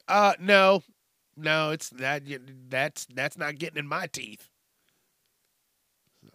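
A middle-aged man hosts a podcast, delivering a casual comedic news rant that is profane and rambling, often cutting himself off mid-sentence. His voice sits a little high and a bit bright, recorded with clean studio sound and no echo.

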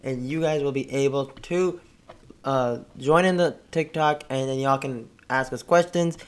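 A man hosting a casual sports podcast, upbeat and chatty, with a slightly hoarse voice. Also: mid-range voice, a little slow. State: a bit hoarse. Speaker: podcast host.

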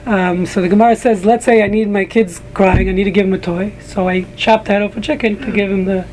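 A man's voice: sits high, fairly even intonation, fast, a little mellow, slight background noise, poor audio. A man teaching a casual group Talmud class, rambling with frequent restarts and joking asides to a small room of listeners.

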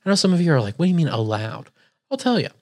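A man's voice: on the high side, big pitch swings, rapid-fire, darkish tone. A young man co-hosting a casual podcast, telling rambling stories in a laid-back, profane way. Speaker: podcast co-host. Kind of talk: casual chat.

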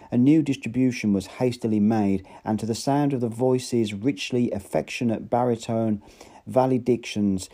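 A man's voice: fairly low pitch, mellow. A man narrating an audiobook in an unpolished reading with occasional slips and restarts.

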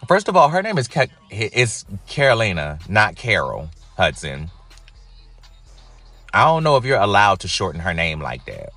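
A man giving casual reaction commentary, wry and animated, swearing freely. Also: lowish voice, normal speed, faint music behind. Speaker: reaction vlogger.

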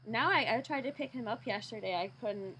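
A woman's voice: fairly high pitch, a little fast, bright, forceful tone, slightly rough, rough recording. A middle-aged woman chatting casually and playfully as a guest on a home podcast about her dogs. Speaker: guest, dog owner. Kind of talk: casual chat.

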